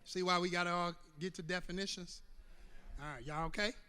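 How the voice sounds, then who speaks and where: A male pastor preaches in call-and-response style, having the congregation repeat lines after him. His high, bright, clear and resonant voice is a little fast with fairly even intonation, swinging from hushed, close talk to sudden shouts while a long hall reverb trails behind.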